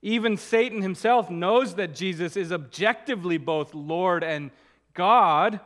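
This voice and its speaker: A man preaching a sermon as a pastor, earnest, slowing down to stress key words. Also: high voice.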